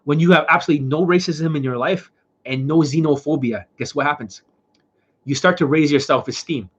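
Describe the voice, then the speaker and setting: A man's voice: on the high side, a little fast, breathy edge. A man who is unwell and coughing, doing a livestream question-and-answer as a dating coach, talking bluntly with lots of profanity. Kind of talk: livestream Q&A talk. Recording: dull lo-fi sound.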